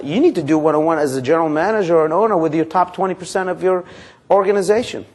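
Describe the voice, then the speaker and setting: A man leading a live sales training seminar, quizzing his audience and acting out sample calls to customers and banks. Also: fast. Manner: energetic, quizzes the audience with questions; acts out sample phone calls and pitches.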